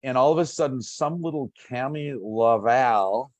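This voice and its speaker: A man in his sixties from Minnesota, a pain doctor telling his story as an interview guest in a casual, animated way. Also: mid-range voice, normal speed, no echo. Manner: animated, acts out past conversations.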